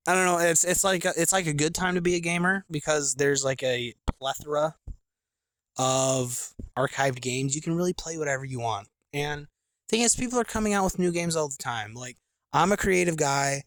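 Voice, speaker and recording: A man's voice: on the high side, moderate pace, fairly bright tone, no echo. Laid-back rambling young man. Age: late 20s. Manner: loose, filler-heavy slang talk. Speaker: gaming podcast host. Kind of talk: casual rambling monologue. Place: camping chair outdoors.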